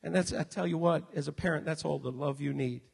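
A male pastor preaching a sermon in an emphatic way, slowing down and raising his voice on key phrases. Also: a little high, gravelly, slightly rough. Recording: long reverb of a hall.

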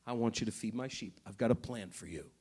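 A man voicing Jesus as a gentle, patient teacher, speaking softly and calmly. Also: on the low side, fast talker, slightly rough, voice pushed down.

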